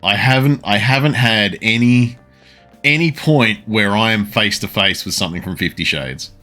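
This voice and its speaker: A man's voice: lowish voice, normal speed, pushed and bright, soft background music. A man streaming a game, rambling and joking crudely in casual commentary.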